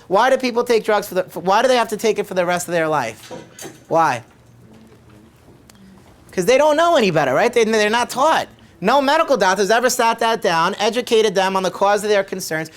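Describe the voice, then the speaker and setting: A middle-aged man, a chiropractor, telling a patient story to camera in a conversational way and repeating his questions for emphasis. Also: sits high. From United States.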